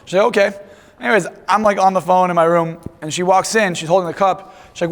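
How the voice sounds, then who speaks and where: A seminar presenter, male, spins a crude, brassy comic tale for a live audience in a big hall with audible echo. His high voice holds a steady tone at a quick pace.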